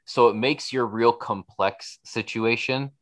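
A man's voice: mid-range voice, measured pace, a bit bright, no room sound. A man hosting a podcast, talking in a rambling, casual way and swearing now and then. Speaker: podcast host.

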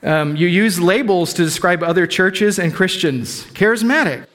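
A man's voice: high voice, lively intonation, normal speed, a bit bright, big-room sound. A middle-aged male pastor giving a candid, conversational sermon, openly sharing his own struggles with the congregation. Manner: candid, conversational, self-disclosing. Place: church sanctuary.

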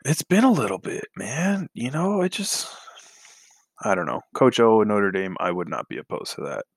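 A man's voice: on the low side, very animated, moderate pace, gravelly, no echo. A man co-hosting a casual sports podcast, talking hesitantly with lots of fillers and sighs.

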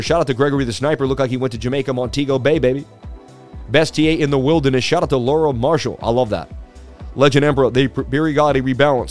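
A man's voice: mid-range voice, darkish tone. A man hosting a crypto market livestream, chatting casually and reading viewer comments aloud.

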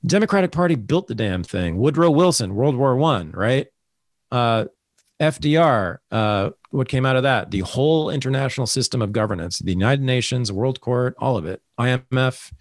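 Podcast host, male, animated sarcastic rant, middle pitch, dry close mic. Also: normal speed, no room sound. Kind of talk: casual political talk.

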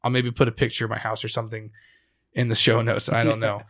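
A young man hosting a podcast, casually telling a story with plenty of swearing and a lively build to the scary parts. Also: on the low side, fast. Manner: profane, animated when telling the scary parts. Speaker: podcast host.

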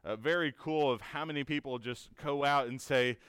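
A man with a smooth, resonant voice of ordinary pitch teaches a Bible lesson in an earnest, encouraging tone. He keeps asking his listeners questions and often tags them with "right?". The sound is close and dry, with no room echo. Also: normal speed, fairly bright tone. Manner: asks rhetorical questions, often tagged with "right?".

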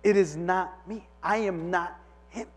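A male preacher voicing a calm, humble adult prophet, speaking softly and reassuringly. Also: high-pitched, unhurried. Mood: quiet. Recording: long reverb of a large hall.

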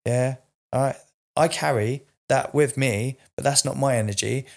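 A man's voice: mid-range voice, normal speed, vocal fry. A man in his forties telling a raw, emotional personal story in a candid conversation, swearing freely. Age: 40s.

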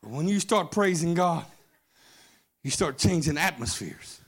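A man preaching a sermon in a church, shouting in a sing-song Pentecostal cadence with frequent "uh" fillers. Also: on the high side, animated, measured pace, breathy edge.

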